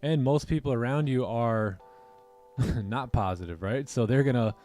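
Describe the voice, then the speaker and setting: A man's voice: medium pitch, moderate pace, a little mellow, soft background music. A man hosting a livestream, chatting casually and animatedly about mindset, often tacking on "right?" and "man". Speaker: trading livestream host. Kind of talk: casual motivational chat.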